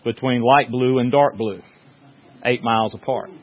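A man's voice: medium pitch, steady tone, moderate pace. A man preaching a sermon in a folksy, joking storytelling way, with many restarts. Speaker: pastor. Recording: dull lo-fi sound.

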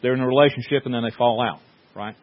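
A man's voice: medium pitch, steady tone, fast. A man preaching a sermon in a folksy, joking storytelling way, with many restarts. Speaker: pastor. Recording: dull lo-fi sound.

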